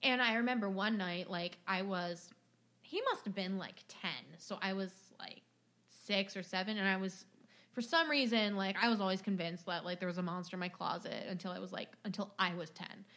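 A young woman co-hosting a podcast, telling stories in a casual, animated way, acting out family members and swearing freely. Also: medium pitch, normal speed. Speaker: podcast co-host. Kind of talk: casual storytelling chat.

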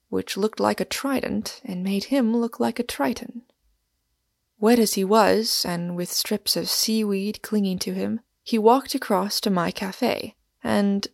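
A woman reads a novel aloud in a measured storytelling manner. Her mid-pitched voice has a gravelly texture, recorded dry and close. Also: dry recording. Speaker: audiobook reader. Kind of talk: scripted narration of a novel.

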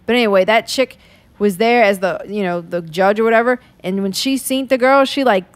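A woman podcast co-host casually recapping a show, profane and animated, acting out quotes as she tells it. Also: medium pitch, brisk, no echo.

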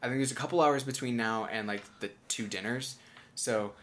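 A man's voice: mid-range voice, brisk, fairly bright tone. Young man, game master, chatty narration, faint background noise. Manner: chatty, lots of fillers and asides.

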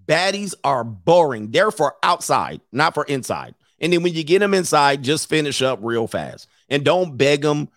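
A man's voice: fairly high pitch, very animated, moderate pace, few pauses, a bit bright, no echo, studio quality. A man hosting a stream, ranting comically in casual slang and laughing often. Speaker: streamer host. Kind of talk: casual comedic rant.

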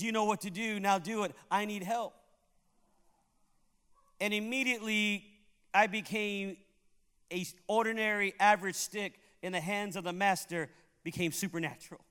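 Pastor guy from puerto rico, high voice, preaching a story, hall echo. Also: smooth. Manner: animated, acts out the people in his story. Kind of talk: sermon storytelling. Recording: long hall reverb.

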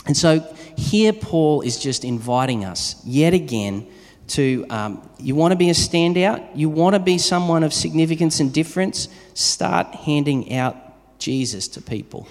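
A man's voice: on the high side, lively intonation, unhurried, a little mellow. A man preaching a sermon in a conversational way, telling everyday stories to his congregation. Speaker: pastor. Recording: long reverb of a large hall.

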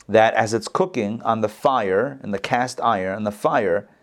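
A man giving an informal Torah class, animated, repeating phrases and answering his own questions. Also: mid-range voice. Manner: coughs, gets excited.

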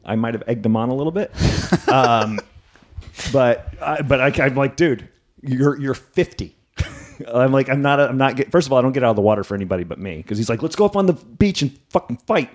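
A man's voice: medium pitch, brisk. A man hosting a casual podcast chat, rambling with many restarts and frequent laughs. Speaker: podcast host.

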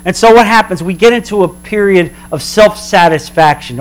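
A man preaching a sermon as a pastor, emphatic, slowing down for dramatic weight. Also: sits high, lively intonation.

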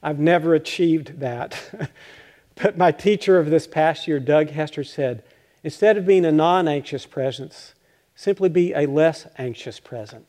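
An older male pastor preaching a conversational, self-deprecating sermon, halting and restarting with light chuckles. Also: on the high side, a little mellow.

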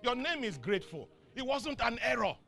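Nigerian pastor guy, middle-aged, really bright sharp tone, call-and-response preaching, chuckles a lot. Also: extremely high pitch, very animated, normal speed, creaky, faint music behind. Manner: call-and-response preaching, swings between soft asides and shouting; chuckles often mid-sentence. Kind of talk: sermon.

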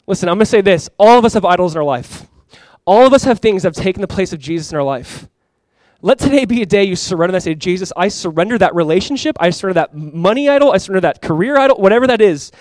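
A man's voice: high voice, animated, fast talker, darkish tone, no room sound. A man preaching a sermon as pastor, conversational and emphatic, talking to the congregation and inviting them to respond. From California.

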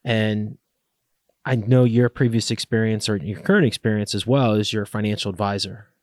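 A podcast host with a lowish, fairly even voice conducts an interview at normal speed. He asks long, rambling questions packed with fillers, recorded dry and at studio quality.

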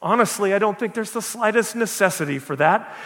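A flustered male ghost from hell, stammering and apologetic, dodges with one excuse after another, as a preacher reads him aloud. The voice sits high with a gravelly edge. The reading is in a big, echoing hall with a long reverb. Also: animated, brisk, a bit bright.

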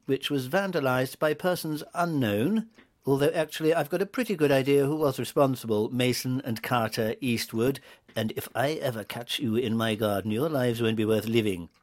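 A man hosting a comic weekly review show, pompous and grumbling. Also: mid-range voice. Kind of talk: scripted comic radio hosting.

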